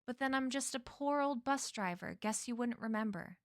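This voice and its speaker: A woman's voice: mid-range voice, a little slow, fairly bright tone, no echo, clean studio sound. A woman reading a novel aloud, voicing a sinister shape-shifting man who taunts his captives and slips between put-on accents. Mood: put-on drawl.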